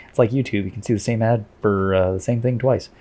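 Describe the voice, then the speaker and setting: A man's voice: lowish voice, moderate pace, mellow. A man commentating his own sim race in a chatty, self-deprecating way.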